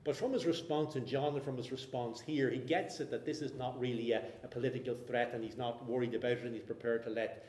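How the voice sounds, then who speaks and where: A man preaching an expository sermon, explaining the text at a measured pace and circling back over his words. His voice is mellow and warm, and the room lends it a roomy echo. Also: medium pitch, fairly even intonation. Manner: measured, explanatory, with frequent restarts.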